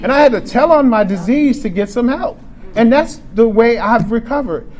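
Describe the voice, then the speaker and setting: High-voiced man in his forties sharing frankly. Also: lively intonation, moderate pace, darkish tone. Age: 40s. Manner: frank and emotional, with frequent restarts and laughter. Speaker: speaker sharing recovery story at a convention. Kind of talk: candid personal testimony. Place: convention meeting room.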